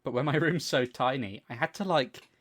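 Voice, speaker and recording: A young man co-hosting a podcast, telling long animated stories in casual chat, swearing freely and acting out what people said. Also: mid-range voice, normal speed. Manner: animated storytelling, swears freely, acts out quotes. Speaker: podcast co-host.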